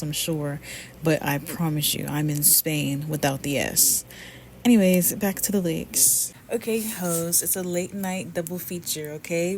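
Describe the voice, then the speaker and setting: A woman's voice: low-pitched, a little mellow, slight background noise. A woman giving a blunt, profane commentary rant on a video she made, moving between heated complaints and chatty explanation.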